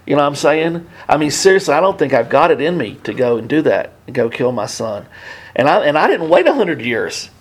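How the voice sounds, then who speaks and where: A man's voice: a little high, sing-song, slightly rough. Conversational middle-aged male preacher. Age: 50s. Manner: conversational, halting with many restarts, swings between hushed and emphatic. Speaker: pastor. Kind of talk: sermon.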